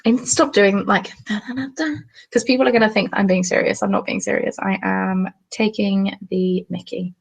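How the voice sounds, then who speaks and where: A woman's voice: mid-range voice, steady tone, brisk, vocal fry, breathy edge, low-quality recording. A young southern English woman chatting casually on a craft live stream at home, joking and reading viewer comments aloud. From England. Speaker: craft vlogger. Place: at home, seated. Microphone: webcam.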